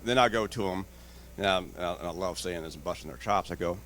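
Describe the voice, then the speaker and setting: Man, conference panelist, lowish voice, blunt, joking, acts out quotes. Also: fast talker, fairly bright tone. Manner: storytelling, acts out dialogue in quotes. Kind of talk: panel discussion. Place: conference stage.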